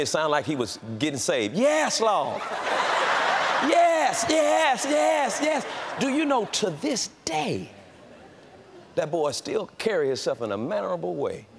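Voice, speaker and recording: An older man preaching with folksy humor, moving from soft, low asides to loud shouted outbursts. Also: creaky. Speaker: pastor. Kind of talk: sermon.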